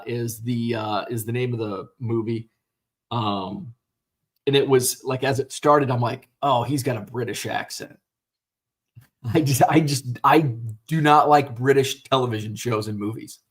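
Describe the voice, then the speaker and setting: A middle-aged American man hosting a live stream, chatting casually and rambling with lots of fillers and restarts, now and then swearing. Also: mid-range voice. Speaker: host. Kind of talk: casual livestream chat.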